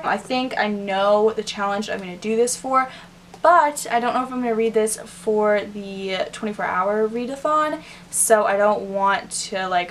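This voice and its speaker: A woman's voice: medium pitch, a little hiss or hum. A young woman talking casually to camera about her reading list, rambling and chatty with lots of filler words. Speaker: book vlogger.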